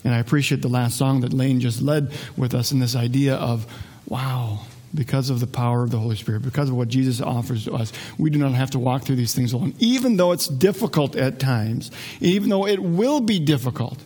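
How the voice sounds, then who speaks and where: A man's voice: medium pitch, a little fast, a little mellow, husky. A man preaching a sermon as a pastor, conversational and joking, often restarting his sentences.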